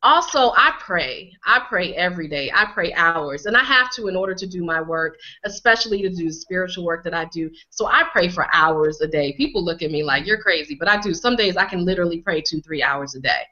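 A woman from Connecticut, a healing coach being interviewed, speaking emphatically and repeating phrases for effect, her voice a little hoarse from a cold. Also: on the low side, lively intonation, a little fast, few pauses, pushed and bright, lo-fi sound. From Connecticut, USA. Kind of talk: conversational interview.

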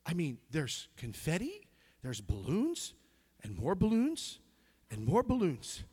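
A man's voice: a little high, huge pitch swings, slow pace, slightly rough. A middle-aged man preaching a sermon, calling out to the congregation, singing snatches of a song and laughing as he tells stories. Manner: loud, preachy call-and-response with singing and laughter. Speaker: pastor.

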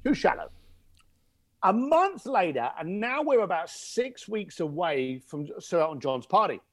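A man as an interview guest, telling an anecdote in a lively conversational way and acting out the voices of the people in it. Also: high voice, a little slow, dry recording. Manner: animated, acts out the voices in his anecdotes. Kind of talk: conversational storytelling.

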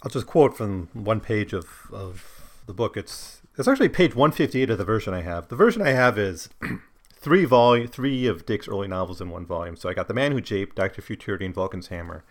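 A man's voice: on the low side, lively intonation, a little fast. A man explaining a novel in a discursive lecture style, thinking aloud as he goes. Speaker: book discussion host.

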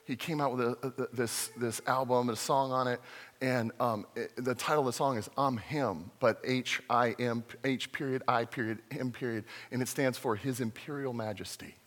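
A man preaching a sermon as a pastor, lively and joking, with acted-out quotes. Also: medium pitch, normal speed, big-room sound.

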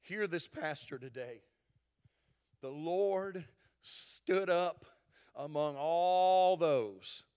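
A man's voice: fairly high pitch, very slow, long pauses, clear, resonant tone. A middle-aged male pastor, preaching a sermon in an impassioned, exhorting manner. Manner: impassioned, building to loud exhortation.

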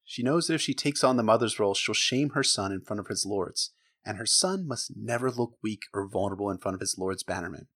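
A man's voice: lowish voice, fairly quick. Guy hosting a podcast, joking thru a book chapter, voice jumps all over, kinda sarcastic. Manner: lively, sarcastic, swears freely, acts out quotes. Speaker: podcast host. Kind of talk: casual book recap with jokes.

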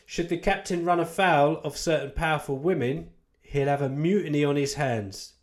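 A man's voice: a little high, normal speed. A man, a Christian author, giving an informal talk about church life, rambling and candid with self-deprecating asides and emphatic repetition.

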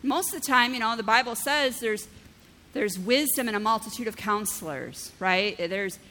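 A woman pastor with a sharp, somewhat high voice preaches a conversational sermon at normal speed, with big-room sound. She keeps checking in with "right?" and draws on vivid everyday examples.

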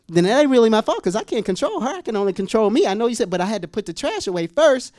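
A man giving a storytelling sermon as pastor, with a voice pitched high for a man that swings widely. He acts out little scenes, jumping into squeaky yelps and laughs. The sound is close and dry, with no room around it. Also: big pitch swings, rapid-fire, a little mellow, dry recording.

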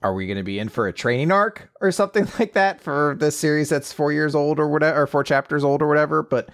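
A man's voice: fairly high pitch, fast talker. A man co-hosting a casual chat, musing aloud with lots of fillers and easy laughter. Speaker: podcast co-host.

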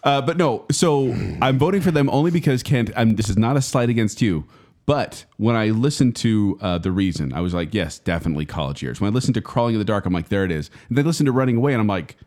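A man co-hosting a casual podcast chat, talking in quick, joking asides. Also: medium pitch, expressive, darkish tone. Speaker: podcast co-host.

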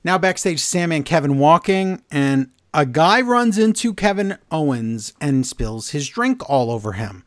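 Sarcastic, lively man recapping wrestling. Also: on the high side, measured pace, few pauses, no echo, studio quality. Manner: sarcastic, exasperated recapping with quoted lines. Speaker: podcast co-host. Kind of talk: casual wrestling recap chat.

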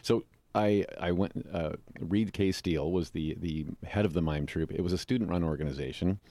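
A middle-aged American man with a very low, deep voice tells stories in a relaxed interview. He talks in an animated way and jumps into other voices when he quotes people. The sound is dry and close. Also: normal speed, no room sound. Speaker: guest, actor and mime. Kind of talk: casual interview storytelling.

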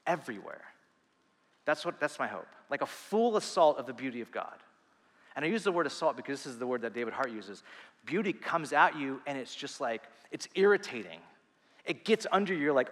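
Male pastor preaching, bright and forceful, earnest with restarts, long hall reverb. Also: medium pitch. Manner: animated, earnest, with quick asides and restarts. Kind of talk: sermon.

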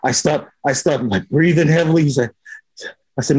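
A man in casual chat, telling a story in an animated way and acting out the lines of the people in it. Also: on the high side, normal speed, low-quality recording. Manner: animated storytelling, acts out quotes with swearing.

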